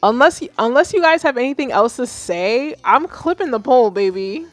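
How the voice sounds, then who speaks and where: A woman of Haitian background hosting a live music feedback stream, blunt and animated, swearing freely. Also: fairly high pitch, moderate pace, no echo. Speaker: livestream host reviewing music. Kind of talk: casual livestream commentary.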